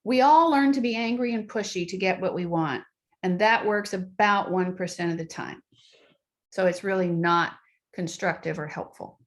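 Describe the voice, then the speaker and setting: Woman, middle-aged, conversational parenting talk, acts out quoted lines, medium pitch. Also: normal speed. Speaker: parenting speaker. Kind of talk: motivational talk to an audience.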